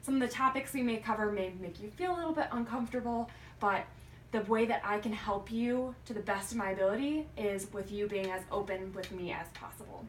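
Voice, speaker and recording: A young woman playing a hospital social worker in a practice interview, speaking gently and carefully with frequent ums. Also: medium pitch, brisk. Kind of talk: practice interview role-play. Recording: roomy, distant mic with faint noise.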